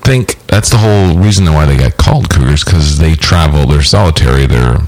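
A man's voice: rumbling low, animated, a little fast, a little mellow, faint music behind. A man co-hosting a podcast in casual chat, asking curious questions and chuckling along. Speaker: podcast co-host. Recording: online call connection.

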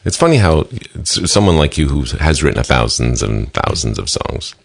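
A man with an extremely deep, gravelly voice co-hosts a morning radio show. His pitch swings in a lively way as he teases his partner. He laughs often and keeps the chat casual. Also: normal speed.

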